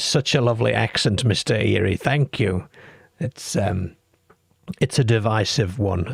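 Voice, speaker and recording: A man's voice: lowish voice, creaky, husky, no room sound, studio quality. A man from the UK hosting a late-night call-in radio show, chatty and reading listener comments aloud. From United Kingdom.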